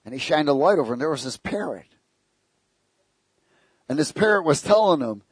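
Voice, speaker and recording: A man's voice: on the high side, expressive, moderate pace, pauses often, breathy edge, no room sound. A man preaching a sermon, telling stories with jokes and asking the congregation rhetorical questions.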